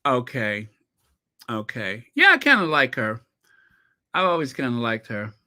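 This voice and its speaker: A man hosting a casual commentary channel, animated and opinionated, reacting to viewer comments. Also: mid-range voice, unhurried. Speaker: channel host.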